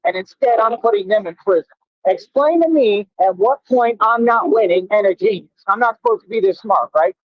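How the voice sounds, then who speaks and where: A brash, boastful man rants at his critics in a high, confrontational voice. The sound is tinny and phone-like, and very dry with no room around it. He drags out words slowly when he wants them to land. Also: no echo. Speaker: radio show host. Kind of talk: combative live-stream rant at commenters.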